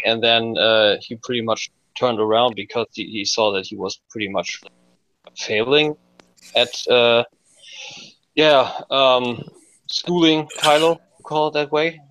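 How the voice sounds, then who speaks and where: Male podcast panelist, mid-pitched, hesitant casual delivery, dull dry recording. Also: fairly bright tone, dry recording. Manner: thoughtful, hesitant with many fillers. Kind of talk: casual chat.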